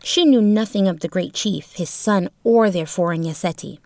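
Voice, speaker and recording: A woman reading a storybook chapter in a steady, expressive narration. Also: fairly low pitch, moderate pace, dry recording, clean studio sound. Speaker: audiobook narrator.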